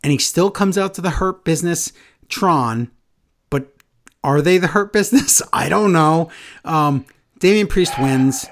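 A man's voice: a little high, expressive, unhurried. A man co-hosting a casual wrestling podcast, talking in a sarcastic, exasperated way. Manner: sarcastic, exasperated, mocking impressions. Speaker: podcast co-host.

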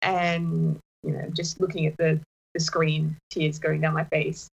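A woman telling a personal story in casual chat, halting, with many restarts. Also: low voice, level tone, creaky, husky, muffled recording. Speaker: partner sharing a personal story.

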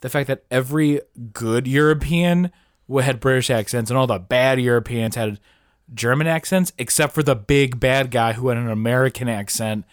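A man hosting a podcast, rambling through a story full of "like"s and the odd curse, mid-pitched and lively. His voice is dry and close to the mic, with no room around it. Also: moderate pace, no echo. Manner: rambling, animated storytelling with swearing and fillers. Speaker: podcast host. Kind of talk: casual chat.

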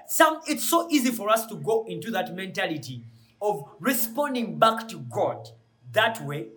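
A man's voice: fairly high pitch, bright, forceful tone. A man preaching a sermon with passion, building to emphatic peaks with repeated rhetorical questions, often repeating words as he searches for them.

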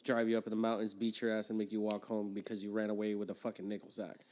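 A man's voice: lowish voice, flat delivery, quick pace, a little mellow. A man telling a long, profane, rambling story in casual podcast chat.

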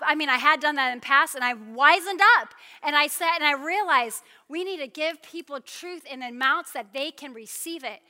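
Preacher, female, 30s, high bright voice, lively storytelling sermon in a reverberant hall. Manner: animated storytelling with playful asides.

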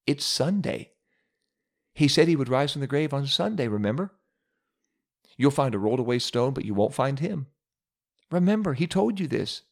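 Male pastor preaching, tells the story and builds it up line by line. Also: medium pitch. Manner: storytelling, rhetorical, building emphasis with repetition. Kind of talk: sermon.

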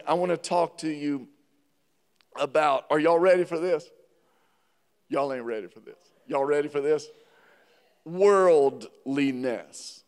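Male preacher, high-pitched, call-and-response delivery, long church-hall reverb. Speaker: pastor. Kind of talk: sermon. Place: church sanctuary.

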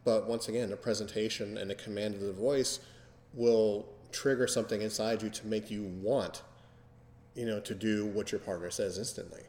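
Low-voiced man in an echoey room. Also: fairly even intonation, a little mellow, slight background noise. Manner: slow, deliberate, many fillers. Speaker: podcast host. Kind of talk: casual chat. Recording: echoey room with long reverb.

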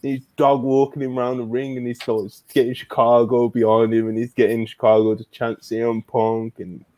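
A man's voice: mid-range voice, normal speed. A man co-hosting a wrestling podcast, telling it casually with lots of slang and swearing. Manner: animated, slangy, swears a lot, says "bro" often. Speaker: podcast co-host. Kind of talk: casual wrestling review chat.

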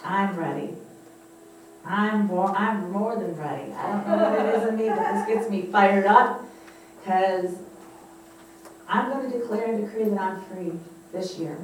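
A woman's voice: mid-range voice, unhurried, long pauses, background noise. Fervent woman leading church prayer, echoey. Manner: fervent, rousing, call-and-response. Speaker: prayer leader. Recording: echoey room from far off.

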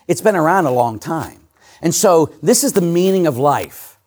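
A priest, preaching a sermon in animated storytelling that often laughs at himself. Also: male voice, on the high side, fairly quick.

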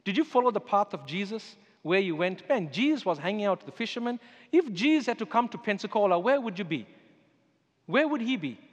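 A man's voice: high voice, big pitch swings, fairly quick. A man, a pastor, preaching a sermon with emphatic storytelling. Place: church sanctuary. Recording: echoey church hall with music underneath.

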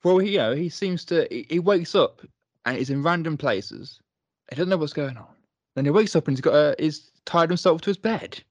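A man co-hosting a casual review chat, agreeable and quick with short affirmations. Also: on the high side, animated, darkish tone, no echo. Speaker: podcast co-host.

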